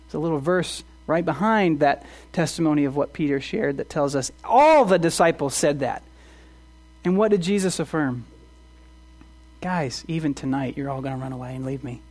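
A man's voice: a little high, a little mellow. A man preaching a sermon as pastor, earnest, asking the congregation rhetorical questions and often restarting his words.

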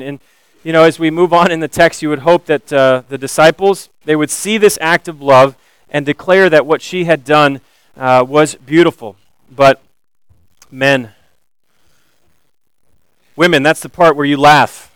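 Animated male pastor preaching. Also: a little high, a little slow, pauses often, smooth, no room sound, rough recording. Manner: animated, rising to emphatic questions. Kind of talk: sermon.

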